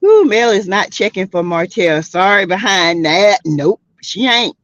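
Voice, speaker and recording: Streamer, woman from South Carolina: sassy, outspoken, laughs a lot, slow drawl with big swings in pitch, dry lo-fi sound. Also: big pitch swings, a bit bright, no room sound. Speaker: livestream host. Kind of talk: casual reality-show commentary to a live chat.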